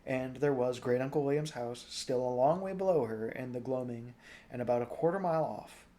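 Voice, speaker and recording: Relaxed man reading a story aloud. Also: medium pitch, brisk. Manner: relaxed, informal, jokes at stumbles. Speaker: storybook reader.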